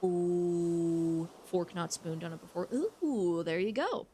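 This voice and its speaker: A woman's voice: fairly low pitch, slow pace, warm tone, a little hiss or hum. A young woman streamer chatting casually while she plays a game, rambling frankly and swearing freely. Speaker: gaming streamer.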